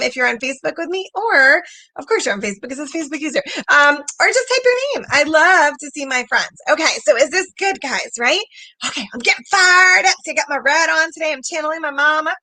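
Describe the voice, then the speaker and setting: A woman sales coach hosting a livestream, coaching with lively energy, reading viewer comments aloud and acting out little quoted voices. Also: sits high, a little fast, dry recording.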